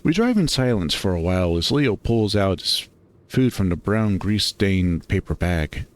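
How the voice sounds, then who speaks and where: A man reading a visual novel aloud in unhurried, expressive first-person narration. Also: low-pitched.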